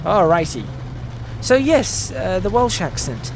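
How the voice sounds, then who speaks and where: A man with a fairly high voice gives loose, rambling gameplay commentary, talking through each thing he does with plenty of ums and asides. The game's truck engine, rain and thunder carry clearly behind him. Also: very animated, slow, noisy background. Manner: rambling, narrates his own actions with fillers and asides. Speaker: gaming channel host. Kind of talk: casual let's-play commentary. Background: truck engine, rain and thunder from the game.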